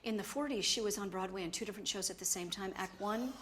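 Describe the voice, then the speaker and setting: A woman's voice: medium pitch, quick pace, a bit bright, a little hiss or hum. A middle-aged woman actor in a casual restaurant interview, telling stories animatedly and slipping into the voices of people she quotes. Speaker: actor guest. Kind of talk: casual chat.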